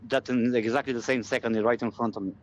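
A man's voice: mid-range voice, fairly even intonation, quick pace. A man complaining to a teammate during an online game in a rambling way. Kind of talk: casual gaming chat.

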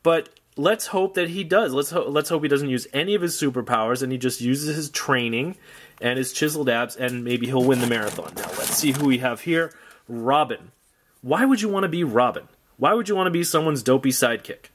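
A man talks loosely through an unboxing of old toys, his pitch sitting in an ordinary middle range. His commentary wanders, full of wry little jokes and offhand asides. The tone stays relaxed and unscripted throughout. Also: fairly quick. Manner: rambling, wry, jokey asides. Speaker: toy collector vlogger.

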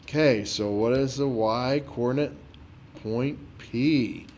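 A man's voice: mid-range voice, slow pace, darkish tone, a little hiss or hum. Exasperated, sarcastic male math teacher. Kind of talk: dramatized tutoring walkthrough.

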